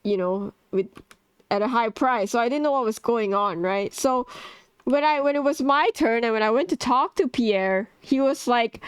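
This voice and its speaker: A woman's voice: fairly high pitch, moderate pace, clean tone, dry recording. A woman casually telling a heated story about a farming game, swearing, laughing and restarting often. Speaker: gamer vlogger.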